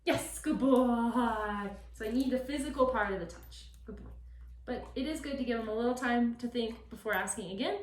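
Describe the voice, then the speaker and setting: A woman dog trainer explaining a puppy session, switching between calm explanation and high, bright praise for the dog. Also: fast. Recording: echoey, from a distance.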